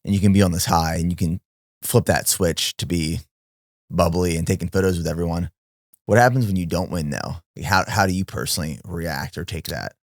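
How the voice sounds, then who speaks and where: Deep-voiced man asking relaxed questions. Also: a little fast, dry recording, clean studio sound. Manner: relaxed, curious, conversational questions. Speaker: podcast host. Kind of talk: casual interview questions.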